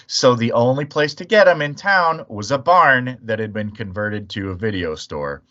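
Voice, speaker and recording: A man's voice: medium pitch, animated, normal speed, pushed and bright, dull audio. A man from the Chicago area, hosting a casual chat podcast and telling profane, rambling stories. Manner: profane, storytelling. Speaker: podcast host.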